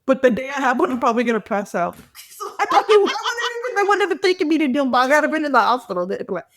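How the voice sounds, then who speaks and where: A woman's voice: sits high, racing, noisy background. A woman co-hosting a podcast in casual chat, telling stories animatedly and acting out her own reactions. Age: adult. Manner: animated storytelling with quoted asides. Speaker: podcast co-host.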